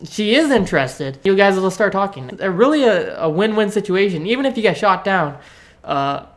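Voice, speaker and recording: A man's voice: sits high, lively intonation, moderate pace. Rambling, profane young man vlogging. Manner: rambling, profane, self-mocking. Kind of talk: casual storytelling to camera.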